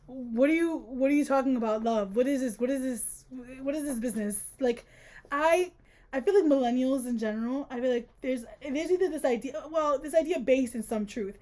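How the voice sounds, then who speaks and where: This is a young woman with a high-pitched voice co-hosting a casual book-discussion podcast. She talks in an animated, sarcastic way and laughs often. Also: a little fast. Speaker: podcast co-host.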